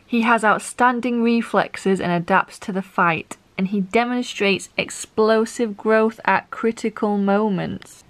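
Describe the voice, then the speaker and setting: A young woman vlogging her reactions as she reads, excitable and swearing, with frequent gasps and laughter. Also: medium pitch, a little slow, few pauses. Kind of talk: reading reaction vlog.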